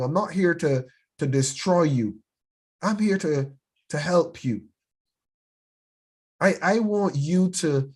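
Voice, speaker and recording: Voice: medium pitch, slightly rough. Impassioned bishop urging a youth class. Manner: urgent, repeats words while pressing a point. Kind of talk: impassioned sermon-like teaching.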